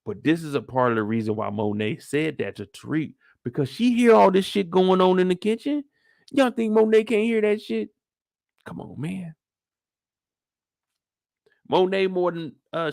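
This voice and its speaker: Man for a casual show recap: gravelly, animated delivery, salty, lots of rhetorical questions. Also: fairly high pitch, normal speed, dry recording, clean studio sound.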